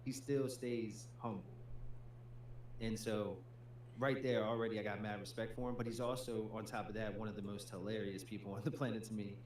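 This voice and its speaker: A man's voice: lowish voice, steady tone, normal speed, a little mellow. A man co-hosting a gaming stream, chatting casually and peppering his talk with "dude" and "man". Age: adult with a young child. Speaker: gaming channel co-host. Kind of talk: casual livestream chat. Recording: echoey room with faint hum.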